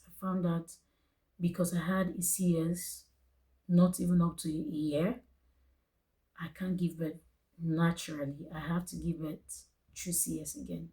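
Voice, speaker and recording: A woman's voice: lowish voice, steady tone, normal speed, dark tone, poor audio. A young woman with a Nigerian English accent telling her birth story to camera in an earnest, emotional way, repeating phrases for emphasis. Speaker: vlogger.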